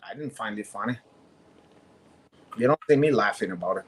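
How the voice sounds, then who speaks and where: A man with a Brazilian Portuguese accent, a podcast co-host trading goofy jokes and loud impressions in casual banter. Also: fairly low pitch, expressive, brisk, husky. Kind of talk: joking banter.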